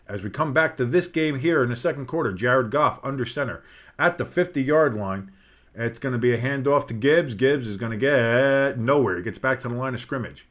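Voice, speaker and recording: A man's voice: medium pitch, animated, normal speed, a bit bright. Tired man calling football plays at home. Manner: casual, breaks off the play calls into asides and scores. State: tired, yawning. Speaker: play-by-play commentator. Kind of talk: home-made live game commentary. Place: home studio with a dog and fireworks outside.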